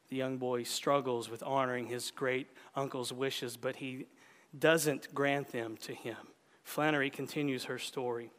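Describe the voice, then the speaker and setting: A male preacher giving a sermon, reading a story aloud and then speaking earnestly and directly to the congregation in a measured way. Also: mid-range voice, a bit bright, long reverb tail.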